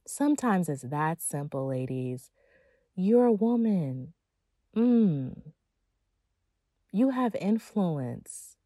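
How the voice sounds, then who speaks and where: A woman's voice: on the low side, very animated, slow pace, dark tone, dry recording. A woman giving a motivational monologue as a feminine energy coach, emphatic and casual, with slang and playful asides.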